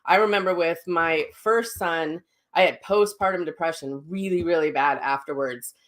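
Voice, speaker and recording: A woman's voice: sits low, normal speed. A middle-aged woman hosting her own show, talking casually and candidly, rambling with fillers and self-corrections. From Minnesota. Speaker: psychic medium host. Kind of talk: casual personal talk.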